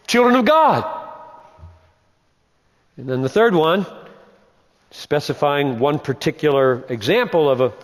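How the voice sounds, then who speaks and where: A man's voice: a little high, in a large hall. A man teaching the Bible, emphatic, repeating key phrases and posing rhetorical questions.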